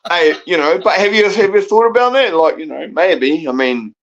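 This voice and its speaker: A man with a New Zealand accent calls in as a guest on a live panel, chatting casually and rambling with lots of swearing and laughter. His voice is fairly high and expressive, at a normal speed, and the recording has a dull lo-fi sound.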